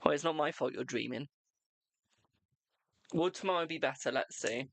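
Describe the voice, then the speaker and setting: A young adult tarot reader chats loosely and unscripted on a live stream, speaking at a moderate pace in a middling, slightly bright voice with a gravelly rasp. The recording is close and dry with no room sound. The delivery is blunt, chatty, and frank, with a self-deprecating, self-mocking edge.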